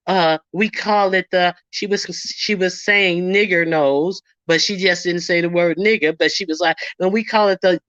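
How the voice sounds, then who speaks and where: An indignant woman streamer ranting in casual commentary, slipping into quoted voices as she retells arguments. Her voice sits at an ordinary middle pitch. The sound is dull and lo-fi, dry and close. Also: a bit bright, smooth, dry recording.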